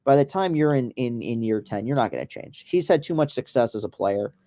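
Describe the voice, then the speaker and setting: A man's voice: mid-range voice, animated, warm tone. Rambling, swearing male sports host. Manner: rambling, profane, quick asides. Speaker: podcast host. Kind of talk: casual commentary over a live baseball game.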